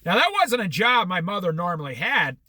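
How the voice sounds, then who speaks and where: A middle-aged American man rambles through personal anecdotes in a casual monologue, restarting sentences and quoting dialogue as he goes. His voice sits high, sharp in tone, very animated and brisk. There's no echo.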